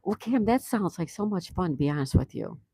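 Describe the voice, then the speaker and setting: A woman's voice: on the low side, lively intonation, brisk, gravelly, mellow, husky, no echo. A woman hosting a casual live stream, chatting and laughing as she greets viewers and answers their comments. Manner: laughs often. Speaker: livestream host. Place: home in Florida.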